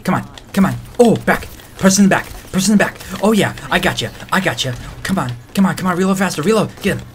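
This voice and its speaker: A man giving excitable let's-play commentary, trash-talking and breaking into shouted outbursts. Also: high-pitched, fast, slight background noise. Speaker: gamer and video creator.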